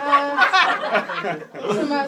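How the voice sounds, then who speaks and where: An English woman performs stand-up in a small club, delivering her lines in a dry, halting way full of fillers and restarts. Her voice sits fairly high and moves around a lot. She is picked up from a distance, with loud audience laughter and heavy noise behind her. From England. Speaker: stand-up comedian. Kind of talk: stand-up set.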